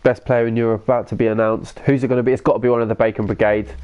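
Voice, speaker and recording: A man's voice: mid-range voice, little pitch movement, rapid-fire, darkish tone, smooth, lo-fi sound. Laid-back sweary man streaming. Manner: laid-back, sweary, reads chat aloud. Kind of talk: casual live-stream commentary.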